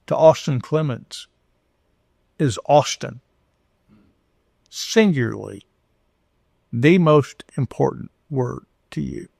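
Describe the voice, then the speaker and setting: A man's voice: mid-range voice, gravelly, dry recording, studio quality. An older man from Houston, Texas, talking earnestly as a podcast guest, with frequent restarts and acted-out dialogue. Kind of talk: conversational storytelling.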